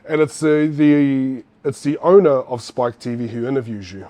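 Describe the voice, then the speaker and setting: Swearing New Zealand ex-fighter telling stories. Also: male voice, medium pitch, normal speed. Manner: animated, swears often, acts out quotes. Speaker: guest, former fighter. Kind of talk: casual storytelling.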